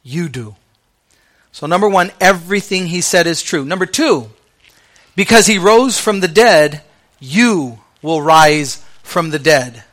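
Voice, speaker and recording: Bright-voiced male pastor preaching. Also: high-pitched, measured pace. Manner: conversational preaching with slang asides; drops to soft, quiet delivery on key lines. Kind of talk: sermon.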